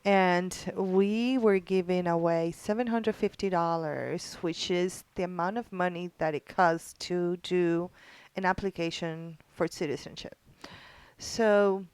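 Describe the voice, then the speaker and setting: A woman guest in a casual podcast interview, talking earnestly with frequent pauses and fillers. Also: fairly low pitch, a little mellow, clear, resonant tone, no room sound. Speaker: guest, founder of a military spouse group.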